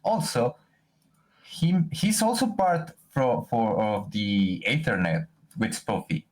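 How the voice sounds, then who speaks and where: A man's voice: medium pitch, wildly swooping pitch, takes it slowly, low-quality recording. A man co-hosting a podcast in casual chat, rambling with many restarts. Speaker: podcast co-host.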